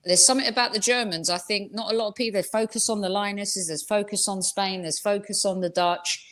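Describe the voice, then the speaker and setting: A woman's voice: medium pitch, steady tone, fairly quick, a bit bright. A woman giving football predictions as a guest on a video call, thoughtful and hesitant with fillers. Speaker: guest pundit. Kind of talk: casual football chat.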